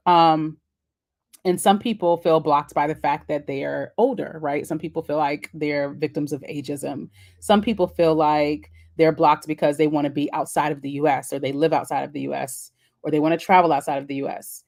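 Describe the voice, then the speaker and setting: Woman, low voice, live-stream host, chatty and encouraging, casual and unscripted. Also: steady tone, moderate pace, darkish tone. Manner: chatty, encouraging, answers comments on the fly.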